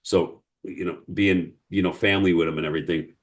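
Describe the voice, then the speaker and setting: Low-voiced man with a Chicago accent, lively storyteller, guest on a casual interview. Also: fairly quick. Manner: animated storyteller who acts out others' words.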